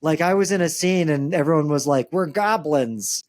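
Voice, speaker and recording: A man's voice: on the high side, fast, darkish tone, slight background noise. A man from the American South co-hosting a casual comedy chat, joking and self-deprecating, laughing often. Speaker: podcast co-host.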